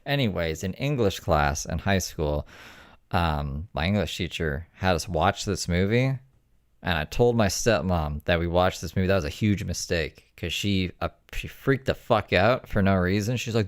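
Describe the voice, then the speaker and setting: A man's voice: sits low, expressive, normal speed, no echo, clean studio sound. A man chatting casually and telling rambling, profane, wry anecdotes. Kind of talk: casual chat, storytelling.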